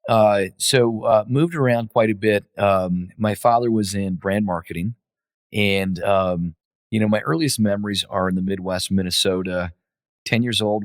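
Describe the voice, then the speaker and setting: Low-voiced man telling his story. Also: no room sound, clean studio sound. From United States. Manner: many fillers and restarts, reflective. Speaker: guest, company CEO. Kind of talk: relaxed interview storytelling.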